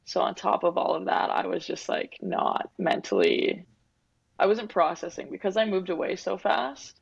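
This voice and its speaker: On a dull, dry lo-fi recording, a twenty-something athlete from Winnipeg, Canada, gives a candid interview. Her lowish voice is gravelly and husky with a sing-song lilt at normal speed, and she reflects openly, often saying "like" and "um".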